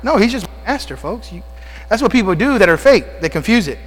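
High-pitched and brisk, with big swings in pitch, a male preacher delivers his sermon out of breath. He keeps asking the congregation questions and calling out amens, call-and-response style, inside a church sanctuary. The audio carries long church reverb plus mains hum.

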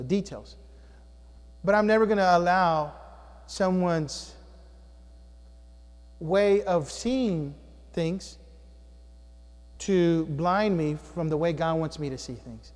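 High-voiced preacher in an echoing hall. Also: male voice, slow, pauses often. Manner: animated preaching, swings between loud and hushed. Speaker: pastor. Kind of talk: sermon. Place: church sanctuary.

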